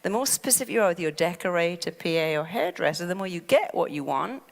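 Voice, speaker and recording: Animated woman in a reverberant hall. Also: lowish voice, fast talker, vocal fry. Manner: animated, acts out panicky inner voices. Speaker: therapist giving a talk. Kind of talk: motivational talk to an audience.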